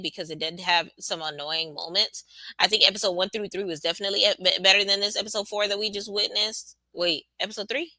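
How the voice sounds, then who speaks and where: A woman with runs a live reaction stream. She talks casually and sassily, answering her chat, in a very bright, forward voice. The sound is dry and close to the mic. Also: lowish voice, no room sound. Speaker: live-stream show host.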